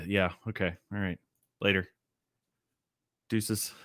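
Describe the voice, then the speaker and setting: A man chatting casually on a livestream, rambling and animated, with loose swearing and laughter at himself. His voice is bright and forceful, and it sounds close and dry, with no room behind it. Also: deep voice, takes it slowly, no room sound. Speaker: livestream host.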